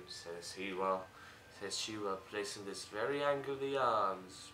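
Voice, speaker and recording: A man's voice: fairly low pitch, normal speed, sharp tone, echoey room, slight background noise. A young man giving game commentary as a host, joking around, swearing and laughing often. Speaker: let's play host.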